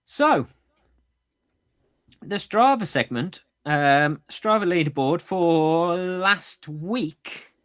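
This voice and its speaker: This running podcast co-host talks very slowly, his voice a little high and fairly bright with lively intonation. Over a remote call on AirPods, he chats casually, stumbling and chuckling at his slip-ups.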